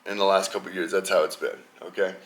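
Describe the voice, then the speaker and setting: Slangy low-voiced man riffing on fights. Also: fast. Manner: rambling, animated, slangy. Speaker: podcast host. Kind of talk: casual sports chat.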